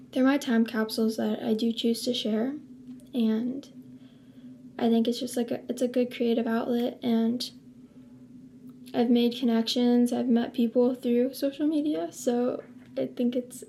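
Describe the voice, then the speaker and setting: A young woman chats casually to camera in a loose, rambling way, full of filler words. Her voice sits a little high, with a mellow tone and gravelly fry at the ends of phrases. Faint noise hums behind her. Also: flat delivery, a little slow, pauses often. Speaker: vlogger.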